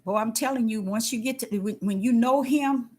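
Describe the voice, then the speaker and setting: An older woman giving a casual spiritual testimony, folksy and emphatic, repeating herself and swinging between loud and hushed. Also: a little high, normal speed. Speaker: faith talk host.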